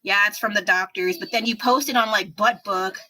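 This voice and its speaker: A woman's voice: mid-range voice, fairly even intonation, fairly quick, bright, forceful tone, low-quality recording. A woman in her thirties chatting casually with viewers during a painting livestream, rambling and self-deprecating. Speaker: artist livestreaming while painting.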